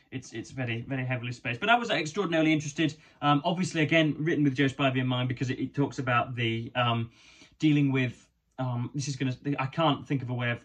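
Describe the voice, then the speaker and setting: Young man, book review vlog, halting speech with many repeats, dry humour, fancy vocabulary. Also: mid-range voice. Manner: hesitant, stammering with many repeated words and ums; wry, ornate wording. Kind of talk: casual book review to camera.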